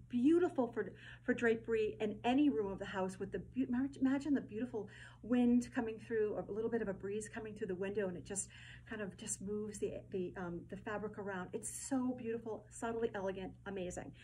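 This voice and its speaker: A woman hosting a casual showcase of fabrics, effusive and gushing, often repeating her words and filling pauses with ums. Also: mid-range voice, mellow, slight background noise, low-quality recording. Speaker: host presenting fabric collection.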